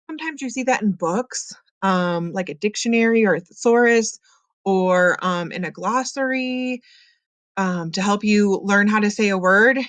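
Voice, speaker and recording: A woman's voice: mid-range voice, fairly bright tone, dry recording. Patient woman teacher, dry close sound. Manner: patient, explains slowly with many ums. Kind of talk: recorded classroom lesson.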